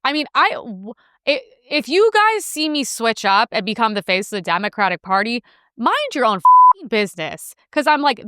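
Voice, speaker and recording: A woman's voice: a little high, wildly swooping pitch, normal speed, bright, forceful tone, no echo, clean studio sound. A woman hosting a political commentary show, reacting to news clips in a brash, sarcastic, profane way.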